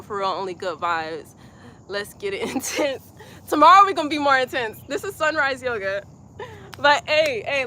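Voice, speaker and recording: Bright-voiced woman teaching yoga. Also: fairly high pitch, slight background noise. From Georgia, USA. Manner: soft, slow breathing cues mixed with chatty comment reading. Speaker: yoga instructor. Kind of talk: live-streamed yoga class.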